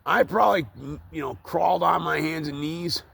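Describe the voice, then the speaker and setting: A man's voice: fairly high pitch, normal speed, vocal fry, a bit bright, breathy edge. A man rambling and swearing as he talks to the camera, outdoors up in a tree while he works on it. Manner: rambling, profane, with many fillers. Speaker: tree worker vlogging. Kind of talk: casual rambling monologue.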